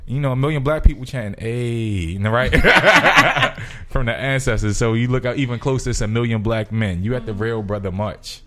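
A man hosting a podcast who asks questions by building long, playful, animated scenarios. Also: mid-range voice, fairly quick, few pauses. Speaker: podcast host asking questions. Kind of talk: casual podcast chat.

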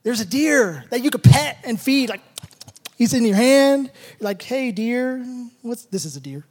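A man telling a lively story about his kids, acting out the moments with shouted sound effects, then drawing a life lesson from it. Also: very high voice, measured pace, long reverb tail. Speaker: father telling a personal story.

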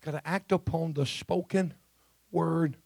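Fervent preacher man, gravelly. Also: a little high, fairly even intonation, a little slow, darkish tone, dry recording. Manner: fervent, emphatic, repeats phrases. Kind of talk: Pentecostal sermon.

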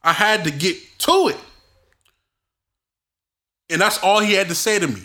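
A man hosting his own podcast, telling personal stories in an animated, expressive way and using casual street slang. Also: sits high, unhurried. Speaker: podcast host. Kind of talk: casual solo podcast storytelling.

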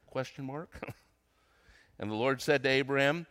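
An older man, a retired senior pastor, preaching a sermon, reading scripture slowly and acting out quotes between casual comments. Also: medium pitch, expressive, a bit bright, clear, resonant tone. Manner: reads scripture slowly, then comments conversationally with dramatized quotes.

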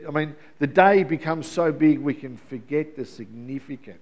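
A man's voice: a little high, normal speed, few pauses, darkish tone. A middle-aged man preaching an Easter sermon in a conversational way, asking the congregation questions. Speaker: pastor.

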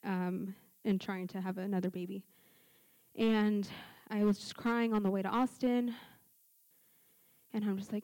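A young woman shares her testimony at church through a handheld mic, storytelling and acting out quoted dialogue. Her mid-range voice is level, a little slow, and darkish in tone, with no room sound.

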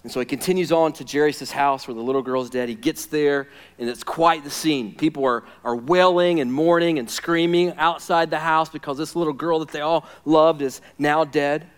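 A man preaching a sermon, swinging from hushed, intimate lines to loud, urgent ones. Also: on the high side, steady tone, moderate pace, hardly any pauses, smooth. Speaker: pastor.

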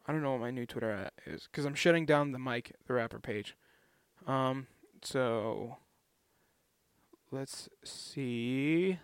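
A man's voice: medium pitch, slow, clean tone, no room sound. A young man vlogging in a casual, rambling way, chatty and self-deprecating.

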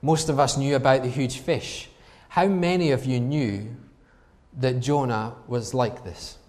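A man's voice: medium pitch, a little slow, a little mellow. A man preaching a sermon in an emphatic way, asking the congregation rhetorical questions. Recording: long reverb from a large hall.

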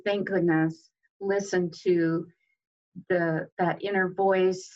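Woman guest, earnest and unhurried, on lo-fi audio; inspirational talk with fillers. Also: fairly low pitch. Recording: dull lo-fi sound.

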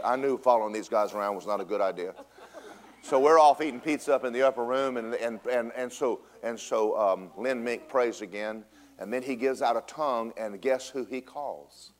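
Animated preacher telling a story. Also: male voice, mid-range voice. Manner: animated storytelling with big swings in loudness, drops to a hush. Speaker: pastor. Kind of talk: storytelling sermon. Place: church sanctuary.

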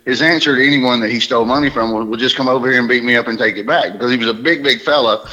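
Southern man telling a story by phone. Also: mid-range voice. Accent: Southern US, softened by New York. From Alabama. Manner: animated storyteller, quick restarts. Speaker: stand-up comedian guest. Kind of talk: phone-in radio interview, storytelling. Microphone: phone line. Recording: radio phone call.

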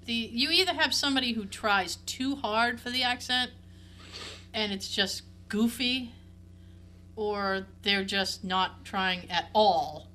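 A woman's voice: medium pitch, takes it slowly, sharp tone, a little hiss or hum. A woman co-hosting a casual chat, candid and profane, laughing often.

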